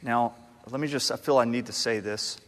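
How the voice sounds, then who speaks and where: A married man preaching a sermon as a pastor, talking in a conversational, animated way with frequent restarts. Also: medium pitch, normal speed. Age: adult, married. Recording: long hall reverb.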